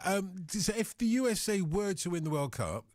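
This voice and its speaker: A man's voice: high-pitched, big pitch swings, moderate pace, a little mellow, no echo, studio quality. A man hosting a live football show, chatty and playful, teasing his guest with questions. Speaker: host.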